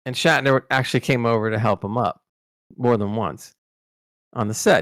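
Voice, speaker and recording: At a normal speed and medium pitch, this podcast host looks back on past interviews with casual behind-the-scenes storytelling. He rambles, restarts many times, uses plenty of fillers, and livens up in his anecdotes; the studio-quality recording has no room sound.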